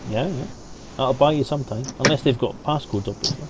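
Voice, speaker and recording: A man narrating and refereeing as game master, in a relaxed way with hesitant fillers. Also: medium pitch, brisk.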